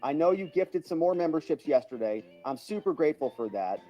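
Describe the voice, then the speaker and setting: A livestream host, a man who reads viewer comments aloud and thanks people by name with a chatty, chuckling manner. His voice sits a touch high and swings widely in pitch, with a mellow, soft-edged tone. Faint music plays in the background. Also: lively intonation, fairly quick.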